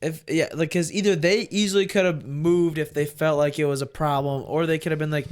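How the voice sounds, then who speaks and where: A man's voice: a little high, steady tone, fairly quick, hardly any pauses, clean tone. A man co-hosting a podcast in casual chat, often chiming in with short agreements. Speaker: podcast co-host.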